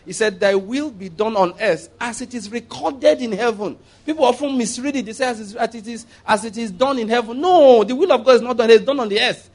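A Nigerian man preaching a sermon in church, telling stories, repeating phrases for emphasis and leading the congregation in declarations. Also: high-pitched. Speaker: pastor.

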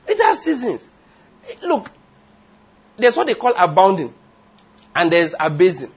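A man's voice: high voice, big pitch swings, moderate pace, pauses often, breathy edge. A man preaching a sermon, emphatic, asking the congregation rhetorical questions and drifting into tangents. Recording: dull lo-fi sound.

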